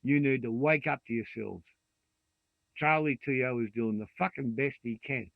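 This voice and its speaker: A man's voice: medium pitch, moderate pace, vocal fry, no room sound. A man in his sixties with an Australian accent, ranting vehemently and swearing freely in a monologue to camera. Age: 60s. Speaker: vlogger. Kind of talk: angry rant to camera. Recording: dry tinny phone-like sound.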